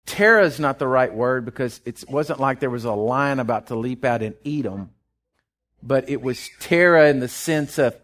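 A man preaching a sermon, impassioned, rising loud then dropping soft, often restarting his words. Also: mid-range voice, normal speed.

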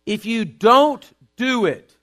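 A middle-aged man, preaching a sermon with emphatic repetition that climbs into shouting. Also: extremely high pitch, animated, takes it slowly.

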